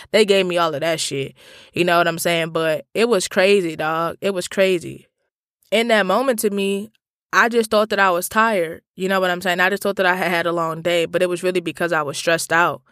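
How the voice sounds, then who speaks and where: A man telling a story straight to his listeners in a casual, profane, slangy monologue that swings between animated rants and calmer reflection. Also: sits high, brisk, clear, resonant tone, no room sound, clean studio sound.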